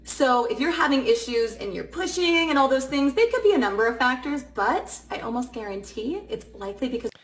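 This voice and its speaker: A woman's voice: sits high, expressive, a little fast, few pauses. A woman vocal coach giving direct, upbeat instructions in a short clip. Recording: roomy echo.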